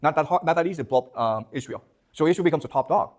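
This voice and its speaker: Speaking rapid-fire in a voice on the high side, a male lecturer quizzes his students. Again and again he checks whether they follow, asking "okay? you understand?"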